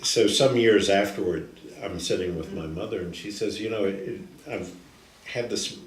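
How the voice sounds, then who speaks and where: An older man telling personal stories slowly and haltingly, often restarting his sentences. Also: deep voice, slight background noise. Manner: slow, halting, with frequent restarts. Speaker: guest storyteller. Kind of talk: recorded personal storytelling. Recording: echoey room, distant mic, faint ambience.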